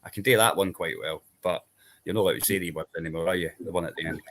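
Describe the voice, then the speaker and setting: A man's voice: low-pitched, fast, a bit bright. A Scottish man in casual chat, rambling through long explanations and checking in with tag questions. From Scotland. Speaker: panel guest.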